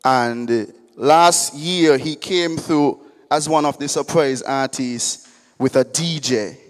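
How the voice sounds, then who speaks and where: A man who hosts an event, introducing the lineup in a measured way with filler pauses. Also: medium pitch. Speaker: event host. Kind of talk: introducing a lineup at a media launch. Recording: long reverb in a hall.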